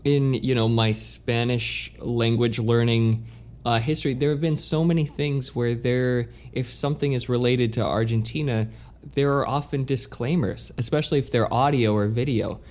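A man's voice: medium pitch, fairly even intonation, moderate pace, darkish tone. Easygoing American man, casual chat. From United States. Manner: easygoing, hesitant, many fillers and restarts.

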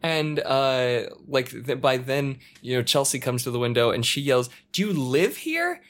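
Casual man telling an animated story. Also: mid-range voice, moderate pace. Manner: animated storytelling, acting out shouts and quotes. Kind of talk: casual chat. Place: apartment in a multi-story building.

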